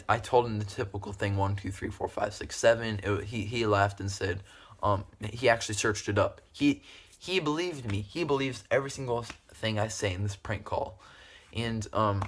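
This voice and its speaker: A man's voice: on the low side, fairly bright tone. A young man vlogger casually telling a story, rambling with fillers and bursts of laughter.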